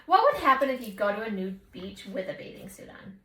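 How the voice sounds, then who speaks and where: A woman co-hosting a podcast in casual chat, animated and excitable as she tells stories. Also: medium pitch, brisk, a little hiss or hum. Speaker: podcast co-host. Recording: roomy echo.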